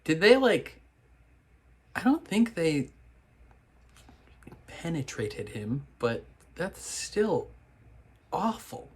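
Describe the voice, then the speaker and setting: A man's voice: a little high, sing-song, drawn-out words, pauses often, husky. A man hosting a reaction video, talking back at the screen in exasperated, casual commentary.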